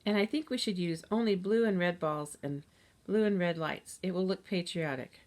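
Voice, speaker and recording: A woman's voice: on the low side, moderate pace, a little mellow, lightly acted. A woman voicing a bossy, dismissive older sister in a children's story, with a curt, scornful way of talking.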